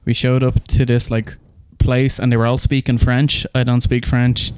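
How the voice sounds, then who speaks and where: A man's voice: medium pitch, flat delivery, moderate pace, a little mellow, smooth, no echo. An Irish man, a guest drummer, telling rambling, laughing tour stories in a casual podcast chat from a bedroom. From Ireland.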